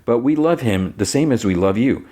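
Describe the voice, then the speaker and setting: A man voicing a calm, gentle, unfailingly honest woman who speaks softly and evenly. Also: medium pitch, normal speed, pitched above the performer's own voice, natural voice.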